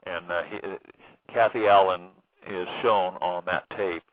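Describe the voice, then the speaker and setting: Deep-voiced man on a tinny phone line. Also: steady tone, no echo. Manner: halting, many fillers and restarts. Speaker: author guest. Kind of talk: phone interview recounting a case.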